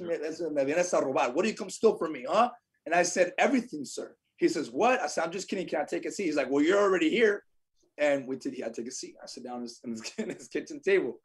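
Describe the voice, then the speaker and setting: A man telling stories on a podcast in a fast, emphatic way, with quiet somber moments and loud bursts. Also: fairly high pitch, breathy edge. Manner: fast, emphatic, swings between quiet sorrow and loud energy. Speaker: podcast guest, insurance agent. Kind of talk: animated storytelling.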